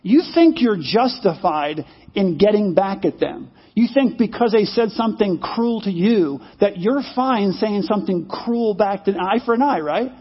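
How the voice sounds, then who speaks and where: A male preacher delivers a sermon like a conversation, weaving in a story and asking his listeners questions. His voice is very high and husky. The recording sounds slightly muffled. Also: expressive, measured pace. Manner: conversational, repeats phrases, asks the audience.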